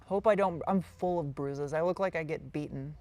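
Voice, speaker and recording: A car-build YouTuber answers her live chat, reading out each viewer question and rambling casually. Her voice is deep and a little mellow, moving at a moderate pace.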